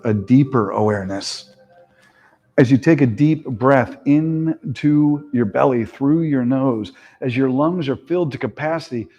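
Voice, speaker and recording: A man teaching a yoga class, giving slow, soothing relaxation and breathing cues that often trail off softly. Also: mid-range voice, dull audio. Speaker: yoga instructor. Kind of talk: guided relaxation instruction.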